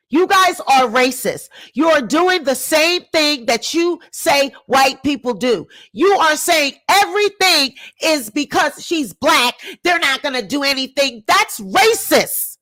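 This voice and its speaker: A woman giving an indignant ranting commentary to her viewers, repeating her points emphatically and swinging between sharp exclamations and low muttering. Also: very animated, slow. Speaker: commentary YouTuber.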